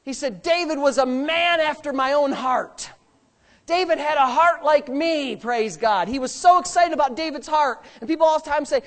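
A male pastor preaches in a church sanctuary at normal speed. His emphatic style swings between loud outbursts and low asides, including joking ones.

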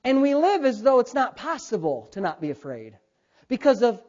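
A man's voice: extremely high pitch, normal speed. A man in his thirties preaching a sermon as a pastor, acting out voices and calling on the congregation to answer. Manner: animated preaching, acts out God's voice and calls for responses. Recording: dull lo-fi sound.

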